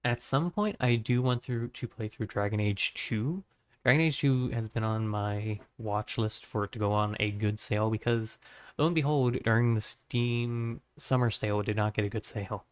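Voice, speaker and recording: A man's voice: mid-range voice, moderate pace, clean tone, no echo. A man streaming his art session, chatting loosely with lots of fillers and signing off to viewers, his voice strained and tired. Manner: rambling, filler-heavy, friendly. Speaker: art livestreamer. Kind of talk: casual stream sign-off chat.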